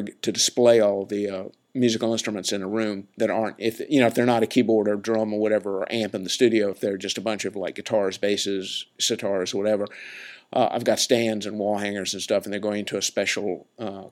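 A man's voice: lowish voice, steady tone, fairly quick, a little mellow. A man hosting a podcast, telling stories in a chatty, laid-back way with lots of fillers and restarts. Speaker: podcast host. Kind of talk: casual rambling storytelling.

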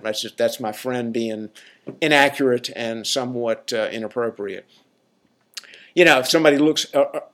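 A man from the American South with a Southern accent, rambling in a casual spoken monologue to his listeners, full of slang and asides. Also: mid-range voice. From Southern United States. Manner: rambling, colloquial, talks to listeners with frequent "right?".

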